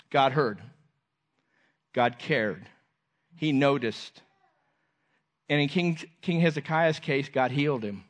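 A man with a slightly raised voice delivers an earnest sermon. He repeats key phrases and lets his sentences drop gently and quietly at the close. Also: on the high side, lively intonation, takes it slowly, long pauses. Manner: earnest, repeats phrases, drops softly at ends of lines. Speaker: preacher.

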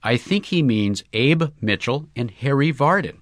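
A man plays a modest young sportsman, bashful and understated. The low voice is heard dry and close. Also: lively intonation, unhurried, a bit bright, dry recording.

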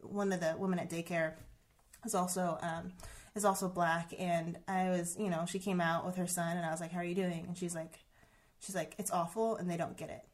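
A woman's voice: lowish voice, flat delivery, brisk. Earnest woman telling a personal story. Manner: earnest, heavy use of "like" and "um", many restarts. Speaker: guest sharing a personal story. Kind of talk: emotional conversational storytelling.

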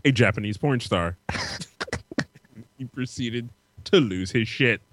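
A man's voice: medium pitch, takes it slowly. A man hosting a casual podcast, loose and profane, often laughing as he talks.

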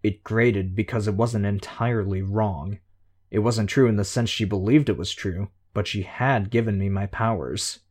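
A man reading a novel aloud in an even, measured first-person narration. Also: fairly low pitch. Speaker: audiobook narrator.

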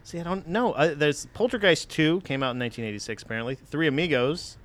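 A man's voice: fairly high pitch, fast, a bit bright. A man in casual podcast chat, joking and hesitant with lots of fillers.

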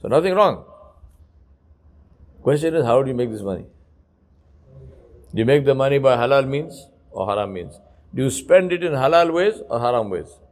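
A man giving an Islamic lecture to young men, emphatic and full of rhetorical questions, swinging from soft asides to loud, pointed repetition. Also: medium pitch, animated, moderate pace, pauses often. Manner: storytelling with repeated phrases.

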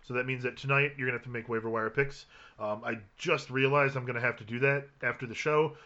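A man's voice: mid-range voice, steady tone, fast talker, pushed and bright, highs cut off. A man hosting a casual sports podcast, with a dry, joking way of talking. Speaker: host of a fantasy football podcast. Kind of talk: casual chat.

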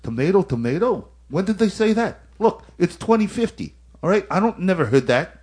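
A man putting on a loud New pizzeria guy, pitched well above a normal speaking voice. He is brash and sure of himself. He insists on his point with a swooping, lively delivery. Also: fairly quick, breathy edge, exaggerated voice. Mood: incredulous.

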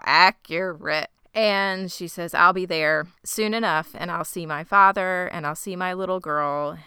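A woman co-hosting a casual chat, retelling scenes and reacting with quick exclamations. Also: low-pitched, pushed and bright, smooth, no echo, studio quality. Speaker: podcast co-host.

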